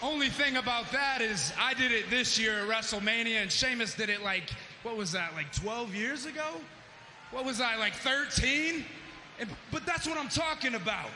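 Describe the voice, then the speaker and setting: A man's voice: extremely high pitch, moderate pace. A male pro wrestler cutting a boastful, trash-talking promo. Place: large indoor arena. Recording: echoey arena with noise.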